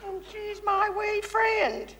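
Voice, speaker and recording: A woman's voice: extremely high pitch, level tone, takes it slowly, fairly bright tone, full character voice. A woman from the audience reading a bridesmaid's lines hesitantly on a comedy stage. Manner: hesitant amateur line reading. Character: bridesmaid, woman, New Zealander. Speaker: audience volunteer.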